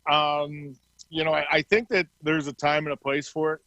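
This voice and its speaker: Speaking at normal speed with a fairly high pitch, a middle-aged ex-hockey player shares stories as an interview guest, animatedly voicing the dialogue himself. The recording is dry and lo-fi.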